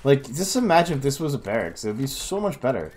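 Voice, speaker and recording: A man's voice: mid-range voice, sing-song, fast, darkish tone, slight background noise. Tired young man groaning over a game replay. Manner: self-critical, groaning at his mistakes. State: tired, yawning. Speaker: gaming video creator.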